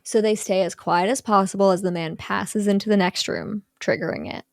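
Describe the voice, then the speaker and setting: A young woman co-hosting a podcast, recapping a horror movie in an animated, chatty way, full of "like" and acted-out quotes. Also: mid-range voice, a little fast, creaky, dry recording. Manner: animated storyteller, lots of "like", acts out quotes. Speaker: podcast co-host recapping a film.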